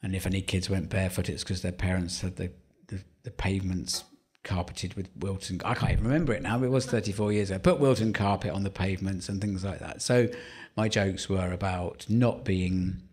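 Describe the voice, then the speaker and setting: A man in his fifties with a Surrey home counties accent talks in a fairly low voice. He tells wry, rambling stories on a theatre stage, breaking off and restarting his sentences as he goes. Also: fairly even intonation, brisk, darkish tone, slightly rough. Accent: English, Surrey home counties. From England. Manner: rambling, self-interrupting, wry. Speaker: stand-up comedian, guest. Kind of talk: live podcast interview, anecdotal storytelling. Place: theatre stage before a live audience.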